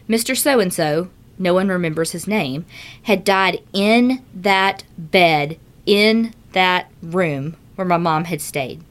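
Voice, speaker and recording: A woman's voice: on the low side, slow pace. A woman co-hosting a podcast, reading a listener email aloud and reacting expressively with gasps and swearing. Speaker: podcast co-host.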